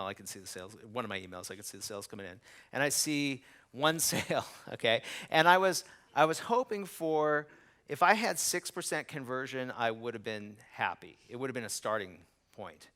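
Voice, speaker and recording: A middle-aged man speaking to a live audience, telling a business story with animated bursts and acted-out quotes. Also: medium pitch, brisk.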